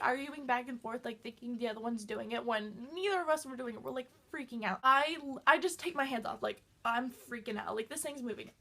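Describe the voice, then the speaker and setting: A woman with a high voice telling a story to her viewers in a loose, casual way. She is excitable and scattered, dropping "like" everywhere as she talks. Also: a little fast, vocal fry, few pauses. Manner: excitable, fills talk with "like". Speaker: vlogger.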